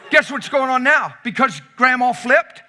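A middle-aged man preaching a storytelling sermon, animated, swinging from shouts down to whispers. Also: extremely high pitch, normal speed, a little hiss or hum.

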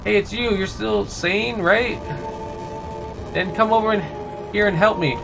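A man voicing an anxious male video game villager begging for help, pushing his voice high. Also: measured pace, creaky, music in the background, poor audio. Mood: pleading.

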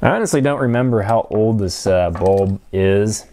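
Low mellow man musing over a teardown. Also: moderate pace. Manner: relaxed, thinking aloud with frequent fillers. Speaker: electronics hobbyist vlogger. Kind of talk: casual teardown narration.

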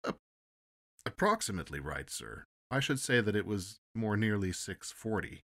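A man's voice: on the low side, sing-song, normal speed, fairly bright tone. A man doing an eager, polite ship's steward. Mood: earnest. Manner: polite, says sir often. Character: deferential male ship's steward, eager and talkative.

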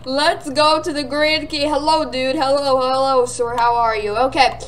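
A young woman giving excitable gameplay commentary, often squealing and laughing as she plays. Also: sits high, normal speed. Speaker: gaming channel host.

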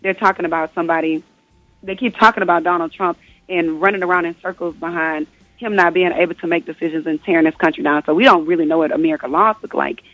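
A woman's voice: on the low side, fast, no room sound, soft background music. This is a young woman guest on a radio talk show, speaking with passion and building her case through pointed rhetorical questions. The audio comes through muffled and lo-fi, like an old radio broadcast. The room around her sounds close and dry. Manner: impassioned, uses rhetorical questions. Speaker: guest author. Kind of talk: radio interview.

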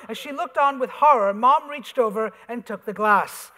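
A man, an author, reading his comic essay aloud on a theater stage with wry, animated storytelling. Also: very high-pitched, normal speed. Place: theater stage before an audience. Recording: reverberant theater hall.

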